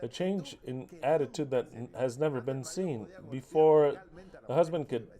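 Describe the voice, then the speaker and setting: A man's voice: medium pitch, normal speed, dark tone. A man preaching a heated sermon, mocking and cursing as he fires off rhetorical questions. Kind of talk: impassioned sermon.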